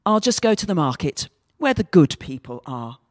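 A woman's voice: deep voice, very animated, moderate pace, a little mellow, dry recording, clean studio sound. A woman voicing a vain young male donkey who is cross and indignant, told as a story within a sermon. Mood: muttering.

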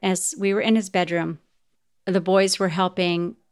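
A middle-aged podcast host speaks a little slowly in a lowish, level and clean voice. She tells her listeners a personal story with heartfelt sincerity, talking straight to them.

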